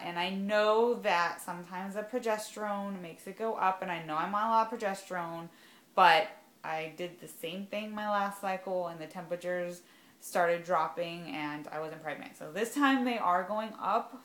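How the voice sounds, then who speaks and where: A woman's voice: medium pitch, a bit bright, roomy sound. A young adult woman talking casually in a rambling vlog, full of "like" and "um". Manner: chatty, rambling, lots of "like" and "um". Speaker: vlogger sharing fertility journey.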